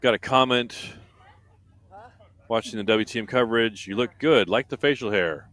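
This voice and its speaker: A man's voice: medium pitch, normal speed, fairly bright tone. A man doing live race commentary from a booth, reading out team standings and viewer comments in a chatty way.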